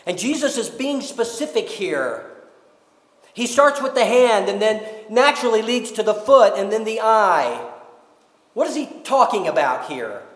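A man preaching a sermon as pastor, emphatic, with slow deliberate phrasing. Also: high voice, big pitch swings, fairly bright tone, echoey room, long reverb tail.

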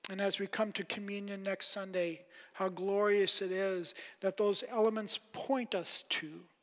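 A man preaching a sermon, emphatic, rising on quoted questions and dropping soft at phrase ends. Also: high voice, steady tone, a little slow. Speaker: pastor. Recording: long hall reverb.

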